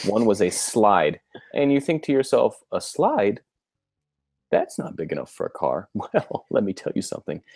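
A man's voice: sits low, dark tone, no echo. A man co-hosting a podcast, riffing in casual comedic chat and breaking into voices. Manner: rambling, riffing, mimics voices. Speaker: podcast co-host.

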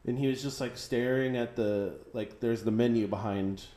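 A man in casual chat, telling his stories in an animated way and breaking into laughter. His mid-range voice carries a noticeable echo from the room around him. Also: mid-range voice, moderate pace. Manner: animated storyteller, laughing through his anecdotes. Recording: roomy echoey room.

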